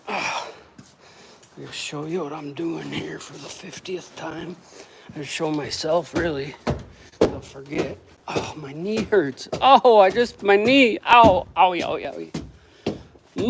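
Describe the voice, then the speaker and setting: Profane, rambling man in a noisy workshop. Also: fairly high pitch. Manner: profane, rambling, loud outbursts and groans. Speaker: woodworker vlogger. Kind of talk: casual workshop talk to camera.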